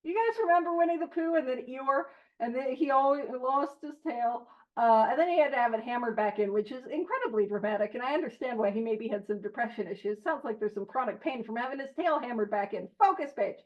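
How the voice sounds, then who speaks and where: A woman leading an online recovery study group, reading passages aloud and chatting through them with animated, jokey digressions. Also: fairly high pitch, fast talker, few pauses. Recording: slightly muffled online stream audio.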